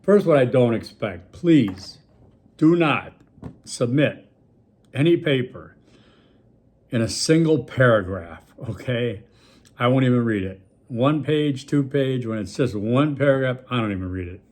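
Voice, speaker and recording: A man's voice: mid-range voice, lively intonation, measured pace, darkish tone. A man from Milwaukee, a college instructor recording a casual video lecture for his class, full of fillers and constant "okay?" check-ins.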